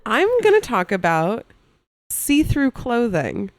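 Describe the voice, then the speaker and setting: Lively, expressive woman podcast co-host. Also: on the high side, takes it slowly. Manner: excitable and expressive. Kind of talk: casual podcast chat.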